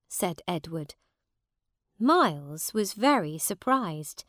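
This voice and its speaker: Very slow woman storyteller. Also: lowish voice, animated, no echo, studio quality. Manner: clear, measured. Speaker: reader. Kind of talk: slow storybook narration for learners.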